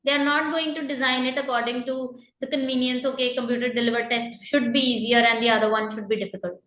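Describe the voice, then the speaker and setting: A woman with a high, bright voice teaches an exam-prep lesson in an echoey room. She explains patiently, fills pauses with "uh" and "you know", and keeps repeating her main points. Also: steady tone, slight background noise. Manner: patient and explanatory, many fillers and repeated reminders. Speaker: IELTS teacher. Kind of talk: online lesson, explaining to students.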